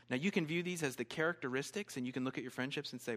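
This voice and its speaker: A male pastor preaching a sermon in an animated way, dropping to hushed tones and rising again. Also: medium pitch, fairly quick. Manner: animated, swings from loud to hushed.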